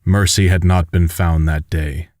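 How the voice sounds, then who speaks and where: Deep-voiced man narrating an audiobook. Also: moderate pace, a little mellow, dry recording, clean studio sound.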